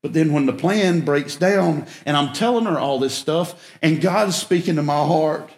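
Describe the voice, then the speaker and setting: A man's voice: on the high side, moderate pace, few pauses. A man preaching through a folksy, self-mocking story, with emphatic bursts. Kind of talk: storytelling sermon. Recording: echoey room.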